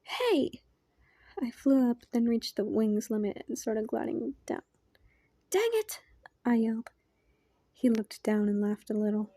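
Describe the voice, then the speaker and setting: A woman reading a fan story aloud in a quiet, soft-spoken voice that often drops into a half-whisper. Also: on the high side, flat delivery, normal speed, no echo. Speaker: fan fiction reader.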